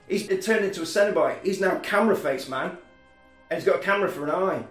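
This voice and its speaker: A man on a podcast, animatedly retelling a film plot in casual chat and slipping into quick character voices. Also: sits high, roomy sound, soft background music.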